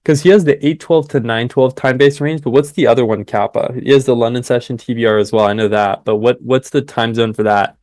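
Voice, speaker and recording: Excitable man calling live trades. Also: mid-range voice, a little fast, hardly any pauses, no room sound, studio quality. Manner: excitable, chatty, cheers at the market. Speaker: live trading stream host. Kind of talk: live trading commentary with chat.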